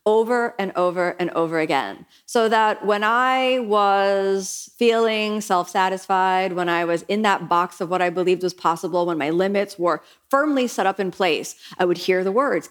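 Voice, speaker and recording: A middle-aged woman yoga teacher who speaks earnestly and reflectively, lifting into lively voices when she quotes herself. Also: mid-range voice, moderate pace. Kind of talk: reflective podcast monologue.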